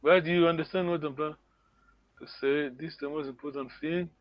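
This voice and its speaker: A patient man gives an online language lesson, repeating words and regularly checking with "yeah?" that students understand. His slightly high voice holds a steady tone at a somewhat fast pace, on a muffled recording with no room sound.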